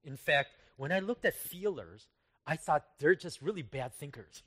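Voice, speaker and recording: Male pastor, sermon at a retreat, conversational and self-mocking, swings from loud to hushed. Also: fairly high pitch, expressive, normal speed.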